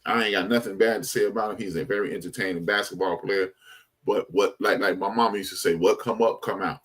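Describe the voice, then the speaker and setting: Husky laid-back man telling stories. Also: on the low side, fast talker. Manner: laid-back storytelling with slang, animated when making a point. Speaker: podcast co-host. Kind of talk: casual chat.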